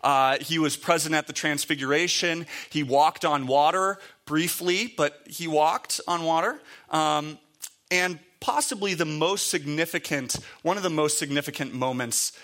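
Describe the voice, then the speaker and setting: A man's voice: fairly high pitch, measured pace, fairly bright tone. A man giving a conversational sermon, reading scripture aloud and explaining it with frequent fillers. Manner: conversational, with many fillers and restarts. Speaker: preacher.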